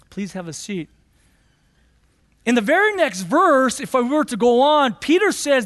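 A man's voice: very high-pitched, expressive, measured pace, long pauses, a bit bright. A male pastor preaching a sermon in an emphatic way, asking questions aloud and answering them himself. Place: church sanctuary. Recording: long reverb of a large hall.

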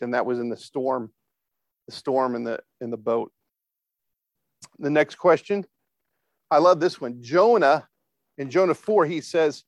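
A man preaches in a conversational, informal style, regularly asking the congregation to respond and filling his speech with fillers and restarts. His voice is on the high side, slow, with long pauses, and the recording is dry.

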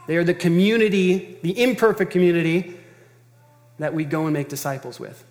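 A man's voice: fairly high pitch, brisk, darkish tone, in a large hall. A man preaching a sermon as pastor, earnest and emphatic, talking in a conversational way and repeating phrases for stress.

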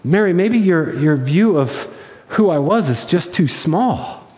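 A preacher voicing a gentle, searching Jesus. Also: male voice, a little high, animated, slow. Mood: tender. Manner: soft, probing questions. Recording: echoey hall with long reverb.

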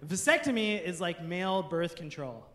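A man in his thirties gives a sermon from a church stage, telling an animated, funny story and slipping into his friends' voices. His voice sits high for a man. The sound is roomy, with the echo of a large hall. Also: moderate pace. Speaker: pastor. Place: church stage before a congregation.

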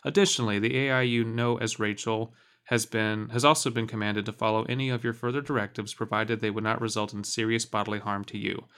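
A man reading as a calm, low AI moderator. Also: fairly quick, smooth. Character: calm, imposing male AI moderator.

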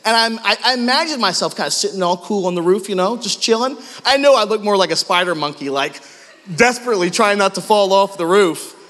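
Lively high-voiced male pastor preaching. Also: fairly quick, long reverb tail. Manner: self-deprecating storytelling. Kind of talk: sermon.

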